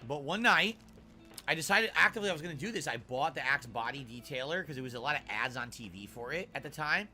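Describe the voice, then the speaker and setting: A man's voice: mid-range voice, animated, fast, bright, forceful tone, faint music behind. A man streaming as he reacts to his own old clips, chatty and self-mocking. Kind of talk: casual stream commentary.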